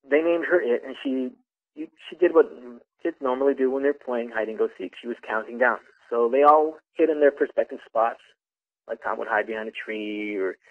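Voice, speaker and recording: A young man calling in to a radio show, telling a personal story in a halting way, repeating words and restarting sentences. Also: mid-range voice. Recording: tinny phone line on radio.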